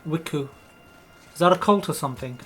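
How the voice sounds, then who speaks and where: A man's voice: on the high side, brisk, fairly bright tone, faint music behind. A man hosting a let's play, riffing jokingly in casual gameplay commentary from a home gaming setup. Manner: joking, rambling riffs on a word.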